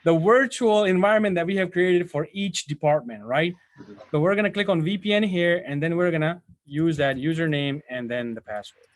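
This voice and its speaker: A man's voice: a little high, normal speed. Rambling casual male IT instructor. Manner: casual, rambling, self-correcting, addresses students directly. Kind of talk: live software training walkthrough.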